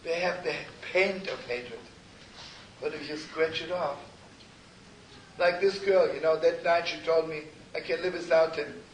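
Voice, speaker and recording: An older man, a rabbi, telling stories in a sermon with an intimate, repetitive manner, often sinking to a hushed near-whisper. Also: fairly high pitch, unhurried, pauses often. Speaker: rabbi and teacher. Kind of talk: storytelling sermon to a live gathering. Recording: roomy distant live recording with noise.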